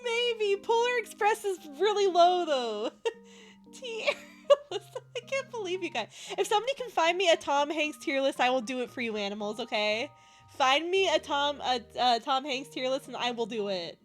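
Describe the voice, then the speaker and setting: A high-pitched woman streamer chatting with her viewers in a playful, slightly loopy way, breaking into giggles every few words. Soft music plays faintly in the background behind her. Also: lively intonation, normal speed. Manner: giggly, laughs constantly. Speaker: live streamer. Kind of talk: casual chat with stream viewers.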